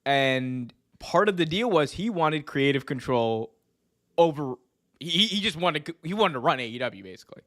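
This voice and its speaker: Animated, slangy male podcast host. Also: fairly high pitch, normal speed. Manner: animated, laughs often, slangy. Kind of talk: casual wrestling podcast chat.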